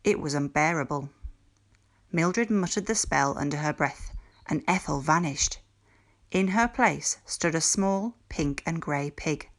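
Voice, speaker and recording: Teacher lady reading a kids' book out loud, lowish voice, steady and clear. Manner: clear, measured storytelling. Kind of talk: read-aloud storytelling.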